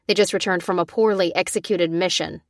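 A woman voicing a gruff, short-tempered male army sergeant who snaps out orders. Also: on the low side, steady tone, a little fast, no echo, studio quality, lightly acted.

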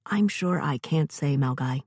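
A woman voicing an old grandmother telling a story, complacent and unhurried. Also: low voice, lively intonation, a little mellow, slightly rough, no room sound, studio quality, pitched below the performer's own voice, heavily acted. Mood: calm.

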